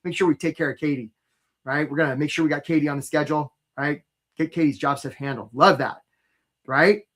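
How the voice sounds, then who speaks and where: A man's voice: a little high, brisk, fairly bright tone. Upbeat man hosting a live career webinar. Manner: upbeat, keeps asking "right?" and greets viewers by name. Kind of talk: energetic live webinar pitch.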